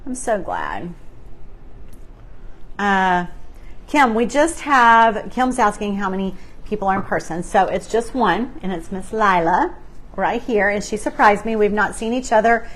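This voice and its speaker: A woman's voice: mid-range voice, normal speed, a bit bright. A middle-aged woman, hosting a live painting tutorial and chatting casually as she works her brush. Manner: chatty, laughs often, talks through her brushwork. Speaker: craft painting host.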